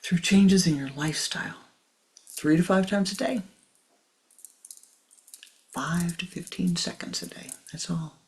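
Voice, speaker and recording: An older spiritual teacher giving a measured talk before a meditation, often dropping into a soft whisper. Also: medium pitch, rough recording.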